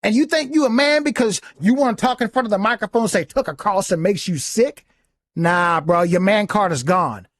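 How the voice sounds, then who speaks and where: A man's voice: high voice, normal speed, a bit bright, no room sound, studio quality. A man hosting a podcast, giving a heated, taunting, profane commentary monologue. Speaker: podcast host.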